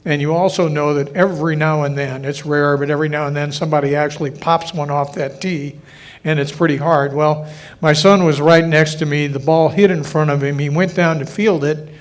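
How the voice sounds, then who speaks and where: An older man on a panel, telling jokey personal anecdotes and laughing often. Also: on the high side. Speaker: panel guest. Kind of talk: storytelling at a banquet panel.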